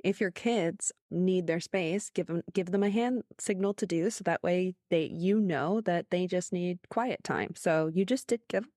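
A woman co-hosting a podcast who chats casually and laughs quickly in reply. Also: on the low side, mellow, no echo, studio quality. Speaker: podcast co-host. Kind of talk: casual chat.

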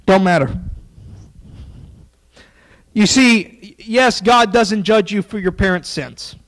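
A man preaching a sermon in a folksy, joking way, dropping into quiet asides. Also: high voice, takes it slowly, rough recording.

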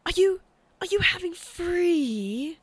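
A woman putting on the voice of a scruffy, rambling older man who is begging, drawing out his questions slowly. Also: extremely high pitch, expressive, no room sound, pitched above the performer's own voice, full character voice. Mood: wheedling.

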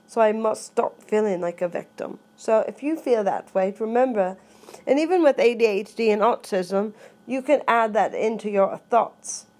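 A woman's voice: medium pitch, a little mellow. A woman talking casually to her viewers in a vlog and reading passages from a daily recovery book. Her delivery rambles and she often corrects herself mid-sentence. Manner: rambling, chatty, with self-corrections. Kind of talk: casual talk mixed with reading aloud.

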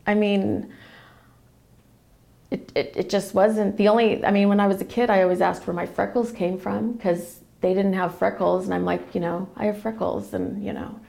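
A woman's voice: medium pitch, steady tone, moderate pace, creaky, darkish tone. A woman telling a personal family story in a casual, emotional, rambling way with many restarts. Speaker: guest sharing a family story.

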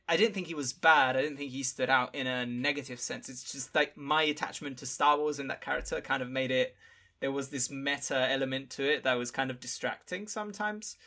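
A man with a gravelly, crackly voice and a bright, pointed tone, chatting casually about a film. He talks thoughtfully and often pauses to search for the right word, in a mid-range pitch.

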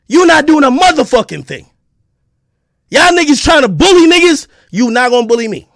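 A man with a podcast delivering an aggressive, profane callout, taunting and often shouting. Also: very high-pitched, animated, fairly quick, no echo, clean studio sound. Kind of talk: heated callout rant to camera.

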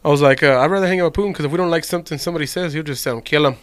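A man's voice: on the high side, racing, fairly bright tone, clean tone, dry recording. A man in casual chat with friends, swearing freely and laughing as he talks. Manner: profane, laughing banter.

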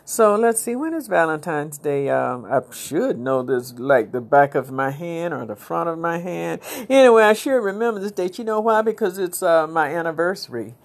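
A middle-aged woman with a low voice hosting her podcast. She rambles through a casual, uplifting monologue full of preachy asides to her listeners. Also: expressive, normal speed, hardly any pauses. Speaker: podcast host.

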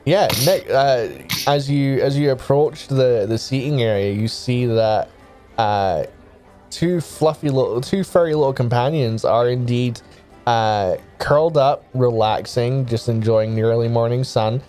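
A man's voice: mid-range voice, unhurried, a little mellow, faint music behind. A man narrating as game master, describing scenes in a rambling way with many fillers.

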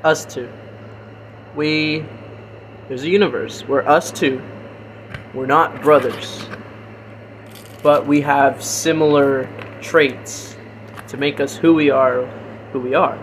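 A man's voice: medium pitch, steady tone, slow, long pauses, slight background noise, low-quality recording. A young man co-hosting a casual podcast with his brother, eager and rambling, sometimes talking while eating. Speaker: podcast co-host.

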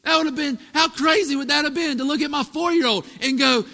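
A man in his thirties preaching a sermon, telling family stories with animated, emphatic delivery. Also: extremely high pitch, brisk, gravelly, few pauses. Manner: storytelling, animated, rising to emphatic peaks. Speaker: pastor. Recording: echoey hall reverb.

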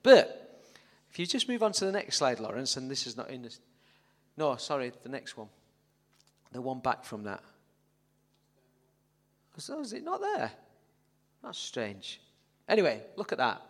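A man's voice: medium pitch, wildly swooping pitch, a little slow, pauses often, fairly bright tone. A man preaching a sermon as pastor, telling the story dramatically and joking with the congregation. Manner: dramatic storytelling, jokey asides to the audience. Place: church hall. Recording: echoey church hall reverb.

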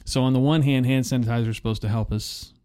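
A man in his forties hosting a casual conversation, relaxed and affirming, thinking aloud as he asks his questions. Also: medium pitch, fast, clear, resonant tone.

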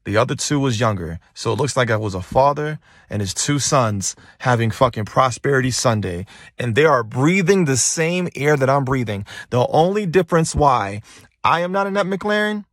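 Speaking into a handheld phone, a motivational podcast host gives a casual, emphatic monologue laced with profanity, driving points home through repetition. His mid-range voice is animated at normal speed, and the sound is dry and of studio quality.

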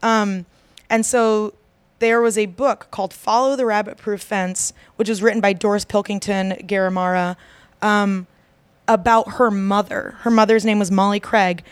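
Chatty woman with a smooth voice. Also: mid-range voice, fairly even intonation, moderate pace, dry recording. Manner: rambling, many fillers and restarts. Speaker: podcast co-host. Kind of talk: casual chat.

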